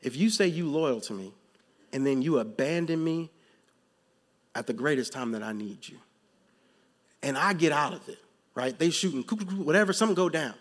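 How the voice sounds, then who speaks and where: A man preaching a sermon, moving from calm teaching to loud, emphatic passages, with casual slang in his storytelling. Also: fairly high pitch, moderate pace, pauses often. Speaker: pastor.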